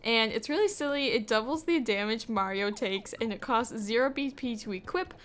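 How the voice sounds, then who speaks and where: High-voiced woman playing a game. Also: normal speed, a bit bright. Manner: chatty, casual, hesitant with fillers and little laughs. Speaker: gaming channel host. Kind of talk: let's play commentary.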